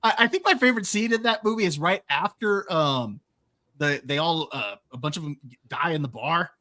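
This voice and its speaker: A man co-hosting a podcast in casual chat, animated and laughing often as he retells movie scenes. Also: on the high side, moderate pace. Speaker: podcast co-host.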